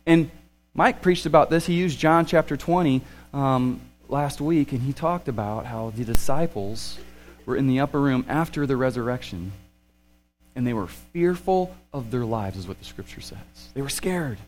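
Male pastor, thirties, lively sermon delivery, swings loud to hushed. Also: medium pitch, moderate pace, a little hiss or hum. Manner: animated, swings from excited to hushed.

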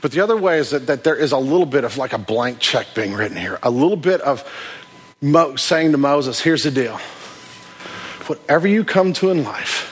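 A man's voice: mid-range voice, lively intonation, moderate pace, husky. A man preaching a sermon in a conversational way, often restarting his phrases. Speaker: pastor.

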